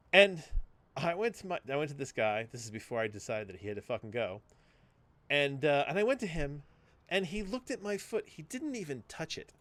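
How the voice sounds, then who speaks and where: A man co-hosting a podcast, telling a story in casual chat, acting out what others said and swearing freely. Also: mid-range voice. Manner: animated storytelling, swearing, acts out quoted voices. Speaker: podcast co-host.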